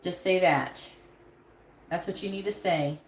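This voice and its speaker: A woman's voice: on the low side, unhurried. A woman giving a live tarot reading, handing out blunt advice with plenty of swearing. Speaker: tarot reader. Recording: echoey room with faint background noise.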